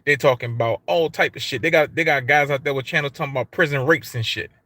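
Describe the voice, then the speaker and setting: Bright-voiced man ranting on a livestream. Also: mid-range voice, fast, no room sound. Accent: African American English. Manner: repetitive, emphatic, heavy swearing, street slang. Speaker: YouTube livestream host. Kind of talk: profane casual livestream rant.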